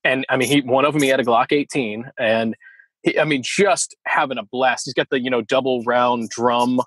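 A man co-hosting a podcast in casual chat, animated and laughing often. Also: medium pitch, normal speed, husky, no echo, poor audio. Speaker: podcast co-host.

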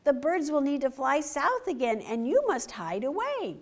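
A woman voicing an excitable young male fox in a storybook read-aloud, exclaiming urgently and breathlessly. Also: high voice, moderate pace, pitched above the performer's own voice. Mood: alarmed, urgent.

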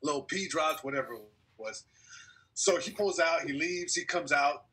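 A man's voice: on the high side, normal speed, bright, forceful tone, slightly rough. A young man and comedian guest telling a long story in casual podcast chat over a video call, acting out quotes and laughing along the way.

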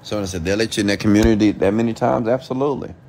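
Ranting to motivate, a man is emphatic and repetitive, throwing out rhetorical questions and casual curses. He talks very fast in a fairly low, darkish voice, and there's some faint hiss or hum.

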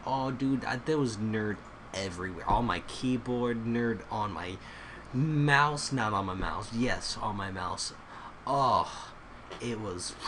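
Excitable man narrating his gameplay. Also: on the low side, slight background noise. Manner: excitable, exclaims often and swears freely. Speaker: gamer recording his play. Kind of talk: casual gameplay vlog. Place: at home at his computer.

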